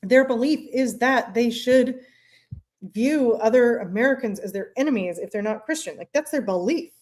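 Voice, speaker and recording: Woman, podcast co-host, casual chat, blunt and profane, slips into quick voices for the people she retells. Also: a little high, a little mellow.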